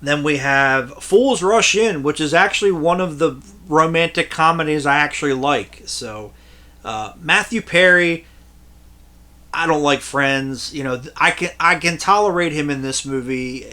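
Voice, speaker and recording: Bright-voiced man rambling crudely. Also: fairly high pitch, a little slow. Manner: crude, profane, digressive, laughs at own jokes. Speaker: collector reviewing his movie collection. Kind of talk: casual rambling vlog.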